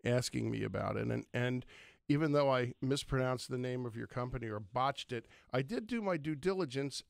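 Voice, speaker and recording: A man's voice: medium pitch, creaky, no echo. A man hosting a radio interview from a studio, chatty and self-deprecating, with fillers. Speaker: radio host. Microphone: studio microphone.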